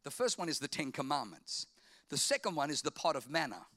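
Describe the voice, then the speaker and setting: A middle-aged man, preaching a sermon, swinging from loud emphatic lines to quiet hushed asides. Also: on the high side, sing-song, brisk, dry recording. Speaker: pastor.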